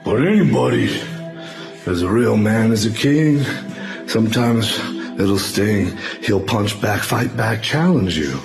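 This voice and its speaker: A man voicing a boastful, swaggering bully, speaking in slow, drawling taunts. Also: fairly low pitch, animated, vocal fry, music in the background, heavily acted.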